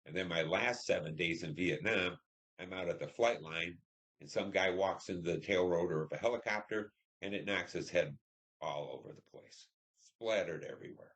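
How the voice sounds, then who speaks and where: A man in his seventies from Detroit, a veteran telling war memories in an oral history interview, halting and reflective with many fillers. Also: deep voice, fairly bright tone. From Detroit, Michigan.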